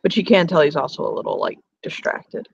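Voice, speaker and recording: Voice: medium pitch, very animated, fairly quick, gravelly. A game narrator describing characters' actions in a tabletop game, rambling, swearing and laughing often. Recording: dull lo-fi mic, faint hiss.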